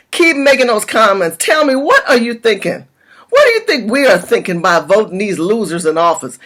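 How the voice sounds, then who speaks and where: Fiery woman ranting with lively swings. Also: mid-range voice. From California, USA. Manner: impassioned, blunt, swears freely. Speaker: political vlogger. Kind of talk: direct-to-camera political rant.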